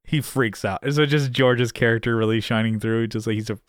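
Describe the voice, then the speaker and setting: A man's voice: fairly even intonation, brisk, dry recording, clean studio sound. A man co-hosting a podcast, chatting casually about a TV episode, laughing and swearing as he goes. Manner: swears and laughs often, jumps into high-pitched voices when quoting. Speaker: podcast co-host. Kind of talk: casual chat recapping a TV episode.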